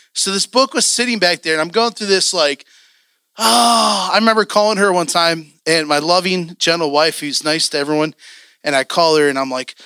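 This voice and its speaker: A man, a church elder, preaching a sermon and telling a personal story in a lively, animated way, acting out his own past outbursts. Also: sits high, dry recording, clean studio sound.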